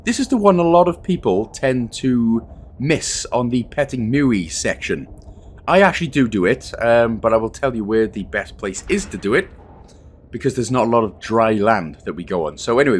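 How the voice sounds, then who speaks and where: A man from Wales narrates a game walkthrough in a loose, conversational way. His mid-pitched voice swings up and down with animation, and he drops self-deprecating asides as he goes. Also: very animated, normal speed. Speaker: gaming guide host. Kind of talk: casual game walkthrough commentary.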